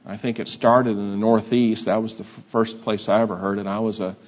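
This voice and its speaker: Older male preacher, unhurried and halting, muffled lo-fi recording. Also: lowish voice, little pitch movement. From Texas. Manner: halting, many uh fillers, conversational. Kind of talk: sermon. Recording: dull lo-fi sound.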